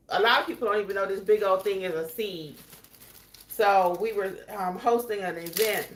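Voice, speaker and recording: A woman's voice: mid-range voice, fairly bright tone, roomy sound, slight background noise. A woman hosting a casual cooking vlog at home, chatting to viewers as she shows her ingredients. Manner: chatty, addresses viewers as y'all. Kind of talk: casual cooking demo chat. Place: home kitchen.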